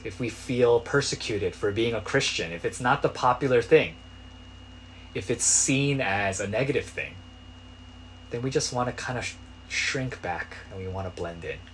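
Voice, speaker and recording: Low-voiced man preaching a sermon. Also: slight background noise. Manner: conversational preaching that swells to loud pleading cries. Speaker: pastor.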